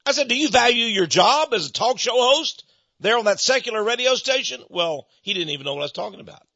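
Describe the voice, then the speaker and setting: Male speaker, American, dry husky delivery, plays every character in his anecdotes. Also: very high-pitched, fast talker, dry recording. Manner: animated, acts out both sides of conversations. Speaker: Christian speaker on Freemasonry. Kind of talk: storytelling sermon talk. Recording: dull muffled lo-fi recording.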